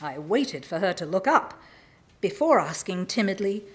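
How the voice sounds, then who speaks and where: A woman from England, reading aloud a humorous personal story in a lively, self-mocking way. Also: mid-range voice, normal speed. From southern England. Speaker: writer reading her work.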